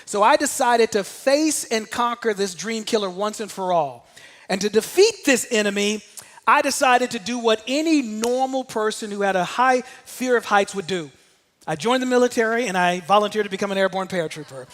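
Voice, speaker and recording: Male motivational speaker, high-pitched, lively storytelling, long hall reverb. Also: normal speed. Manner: animated storyteller, shouts out quoted commands. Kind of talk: motivational talk telling a personal story.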